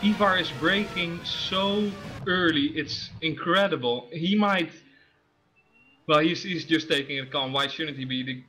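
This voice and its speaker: A man's voice: fairly high pitch, unhurried, pushed and bright, slight background noise, low-quality recording. A man co-commentating a live race, hesitant with lots of fillers and restarts, laughing easily. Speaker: sim racing co-commentator.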